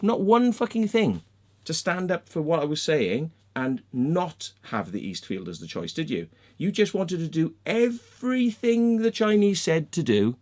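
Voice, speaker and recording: Male vlogger, heated sweary rant, lively up-and-down delivery, fairly high voice. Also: a little slow. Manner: sweary, heated, mocking, acts out quoted people. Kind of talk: angry rant to camera.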